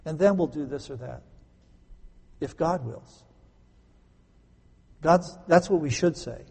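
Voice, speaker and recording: Gravelly preacher in an echoey hall. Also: male voice, on the high side, slow pace. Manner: emphatic, swings between loud stresses and quiet asides; conversational, explains grammar with homely examples. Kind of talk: sermon.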